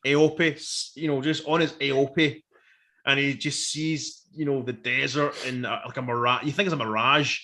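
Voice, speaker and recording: A man, co-hosting a casual review chat, animated and sweary, acting out quotes. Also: mid-range voice, normal speed. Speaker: podcast co-host.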